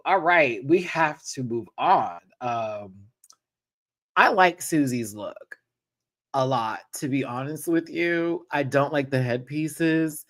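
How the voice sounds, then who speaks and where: A man's voice: medium pitch, fairly bright tone. A man from Texas hosting a casual live review, chatty, giggly and playful. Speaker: host.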